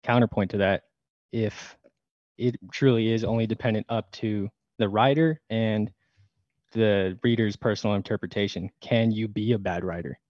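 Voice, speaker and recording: Male interviewer, lowish voice, relaxed question reading; slightly dull sound. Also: normal speed, no room sound.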